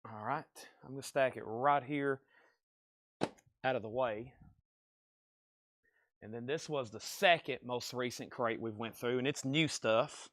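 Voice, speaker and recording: Hosting a livestreamed record sale in a record store, a man calls out bids and prices in brisk, auctioneer-style bursts. His mid-pitched, fairly bright voice sounds dry and close with no room sound, though he drifts off-mic as he moves around the shop.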